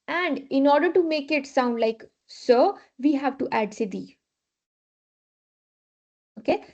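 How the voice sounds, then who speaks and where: Woman teacher going slow over french rules, fairly high voice, kinda dull lo-fi sound. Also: a little mellow. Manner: patient, repeats rules with many okays. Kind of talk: live online class teaching. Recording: dull lo-fi class recording.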